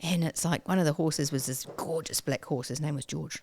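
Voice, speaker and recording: A woman, a guest telling her story in a casual interview, animated and acting out her own past self with sudden squeals and whispers. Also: deep voice, fast talker, hardly any pauses, no room sound.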